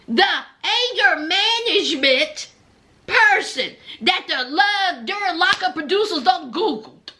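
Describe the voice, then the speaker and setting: A woman giving a casual recap in commentary. She talks in a sassy, exclamatory storytelling way. Her voice sits high and bright and swoops widely. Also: lively intonation, slow. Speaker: reality TV recap vlogger.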